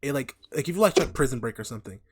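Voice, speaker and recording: A young man co-hosting a podcast, talking in an animated, joking and profane way. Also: mid-range voice, very fast, slightly rough. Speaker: podcast co-host. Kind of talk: casual chat.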